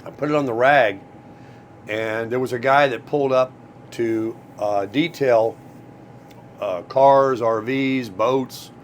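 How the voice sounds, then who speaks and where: A man's voice: medium pitch, fairly even intonation, slow pace, a little hiss or hum. Chatty middle-aged man rambling while cooking. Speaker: vlogger. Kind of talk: casual morning vlog chat. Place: home kitchen, RV.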